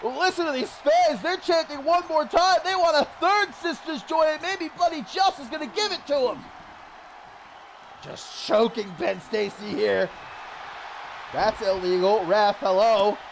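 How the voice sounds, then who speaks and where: A man calling a wrestling match play by play, getting excited and shouting at the big moments. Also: extremely high pitch, unhurried, vocal fry. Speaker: wrestling commentator. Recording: loud crowd and noise behind. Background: cheering crowd.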